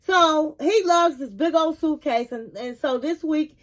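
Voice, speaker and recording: Woman host, sassy recap commentator, high-pitched and chatty. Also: measured pace. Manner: sassy and chatty, calls listeners honey and kings and queens. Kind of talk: casual reality-show recap.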